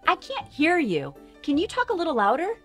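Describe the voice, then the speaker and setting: A young adult woman hosting a toddler learning show, talking in an animated, exaggerated, sing-song way that swings between loud calls and whispers. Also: very high-pitched, fairly quick. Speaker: children's show host and teacher. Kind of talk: teaching toddlers first words. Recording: music playing behind.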